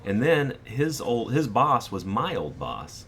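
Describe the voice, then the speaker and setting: A man's voice: mid-range voice, big pitch swings, slow, fairly bright tone, slight background noise. A man in his forties hosting a gaming channel, telling a rambling personal anecdote over gameplay and acting out the quotes.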